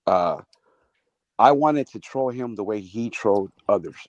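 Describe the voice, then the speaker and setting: A man's voice: lowish voice, animated, a little slow, a little mellow, no room sound, muffled recording. A man on a live call-in, bluntly lecturing a rival in a heated argument. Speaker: caller.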